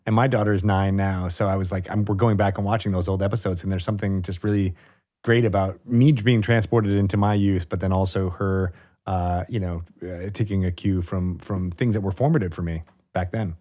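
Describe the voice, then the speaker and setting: A man's voice: deep voice, steady tone, a little fast. A man in his forties co-hosting a podcast, chatting in an easygoing way and cracking jokes. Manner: easygoing, joking, warm reactions. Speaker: podcast co-host. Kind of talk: casual podcast chat.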